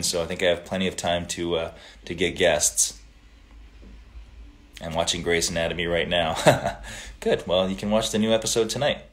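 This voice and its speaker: In a laid-back livestream, a deep, low-voiced man reads viewer greetings aloud and answers questions casually. The talk is easygoing live chat built around viewer comments, peppered with short Italian phrases.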